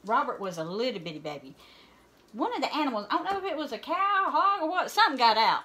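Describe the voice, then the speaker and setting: A woman's voice: a little high, big pitch swings, fast, a bit bright. A middle-aged woman, a guest cousin telling childhood stories in a folksy, emphatic way. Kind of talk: casual storytelling chat.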